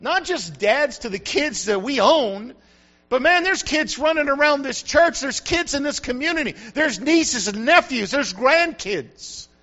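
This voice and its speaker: A man's voice: very high-pitched, lively intonation, measured pace, sharp tone, muffled recording. An older man from the United States, a grandfather and pastor, preaching a sermon with repetition and rising emphasis.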